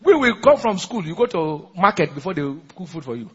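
A man's voice: high voice, sing-song, brisk, fairly bright tone, breathy edge. A man, preaching a sermon as pastor, asking the congregation questions and laughing often. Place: large church hall. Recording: muffled recording in a large echoing church hall.

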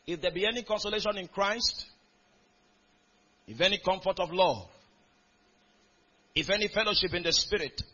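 High, bright-voiced male preacher. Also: normal speed, pauses often, muffled recording. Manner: calls out questions to the congregation; reads scripture aloud in a rising, building cadence. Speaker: pastor. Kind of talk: sermon. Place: church hall.

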